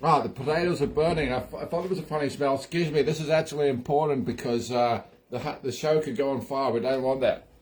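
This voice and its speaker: A man's voice: medium pitch, fairly even intonation, fast, hardly any pauses, darkish tone, lightly acted. A man doing a slangy Aussie soap actor. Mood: flustered. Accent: put-on Australian. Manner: rambling, slangy, hammy banter. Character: brash jokey Australian soap actor, male, middle-aged. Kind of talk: comic impression on a live stream.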